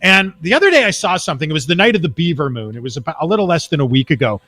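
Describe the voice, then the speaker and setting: Man, from Texas, talk show guest, rambling anecdotes, higher voice, very lively pitch. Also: racing, no room sound. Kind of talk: casual storytelling on a talk show. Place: high-rise apartment, remote call.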